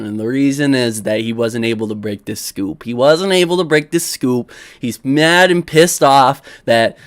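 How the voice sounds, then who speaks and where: A man's voice: medium pitch, normal speed, hardly any pauses, clean tone. A young man hosting a livestream, rambling, laughing often and defending himself in an argument. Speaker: livestream host. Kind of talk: casual livestream commentary.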